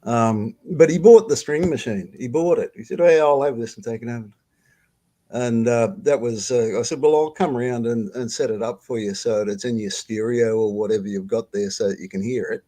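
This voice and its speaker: Older Australian man, casual halting storyteller, swears freely, video-call audio. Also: mid-range voice, warm tone. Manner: rambling, halting, swears freely, laughs often. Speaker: guest storyteller. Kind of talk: casual storytelling on a live stream.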